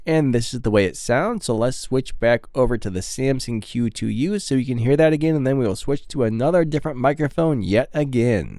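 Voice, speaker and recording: A man's voice: medium pitch, dark tone, dry recording. A man casually reviewing microphones in a plain-spoken, self-deprecating way, talking close into studio mics.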